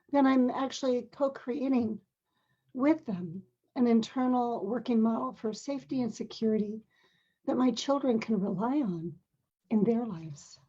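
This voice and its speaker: An older woman, a parent and grandmother, shares a personal story gently, earnestly and at a measured pace, clearing her throat now and then. Her voice is on the high side, and the recording's highs are cut off.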